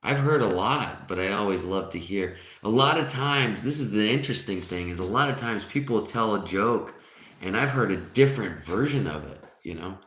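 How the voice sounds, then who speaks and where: A man's voice: on the low side, expressive, normal speed, fairly bright tone. A man in his forties hosting a casual livestream, joking and chatting with viewers. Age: 40s. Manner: joking, chatty, reading chat aloud. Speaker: livestream host. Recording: roomy echo.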